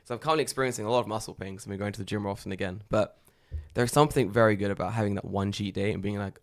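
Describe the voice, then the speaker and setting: Man, lowish voice, podcast co-host, animated storyteller, casual and sweary. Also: racing. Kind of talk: casual chat.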